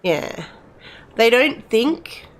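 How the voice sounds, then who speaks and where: A woman's voice: fairly high pitch, sing-song, extremely slow. A middle-aged woman, chatting casually with her live-stream viewers in a rambling way, full of restarts.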